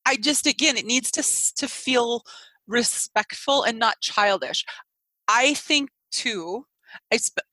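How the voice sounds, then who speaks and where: A woman co-hosting a casual chat, her voice sitting a touch high and bright. She is animated and laughs easily, stopping and restarting her thoughts as she goes. The sound is dry and close. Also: no room sound, rough recording. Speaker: podcast co-host.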